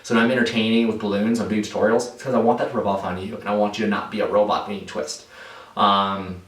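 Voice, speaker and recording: Low-voiced man in an echoey room. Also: flat delivery, fast, distant mic. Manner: rambling, conversational, many fillers and restarts. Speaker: balloon artist answering viewer questions. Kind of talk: casual Q&A vlog.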